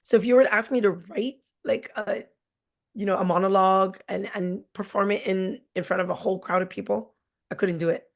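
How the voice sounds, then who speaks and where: A woman in her forties speaks with a middling pitch, blunt and animated. She tells classroom stories candidly, drops in little jokes and voices the kids she teaches. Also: a little fast, creaky. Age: 40s. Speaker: teacher, guest. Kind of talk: candid conversational storytelling.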